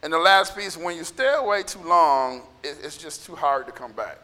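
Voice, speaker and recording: A man preaching a sermon as pastor, with a scratchy, gravelly voice and impassioned bursts of shouting. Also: fairly high pitch, normal speed. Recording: echoey hall reverb.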